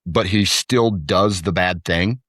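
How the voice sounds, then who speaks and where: Deep-voiced man telling family stories. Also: slow, dry recording, clean studio sound. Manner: rambling, animated when quoting his kids. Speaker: podcast guest, hunter and father. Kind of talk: casual storytelling chat.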